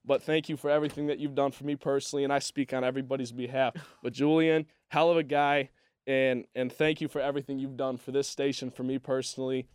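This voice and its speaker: Young male student host, sincere on-air tribute, smooth voice, dry studio. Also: mid-range voice, flat delivery, dry recording. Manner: earnest, halting, softening as he goes. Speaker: college radio host.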